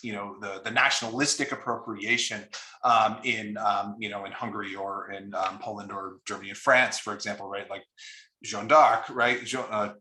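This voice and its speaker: A man's voice: on the low side, little pitch movement, fairly quick, sharp tone, echoey room. A man, an author taking audience questions, speaking conversationally with many fillers and restarts. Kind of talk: online Q&A discussion.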